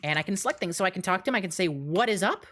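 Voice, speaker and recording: A young woman with a voice on the low side is streaming live, rushing through her game mode in an excited walkthrough. She sounds out of breath and laughs between phrases.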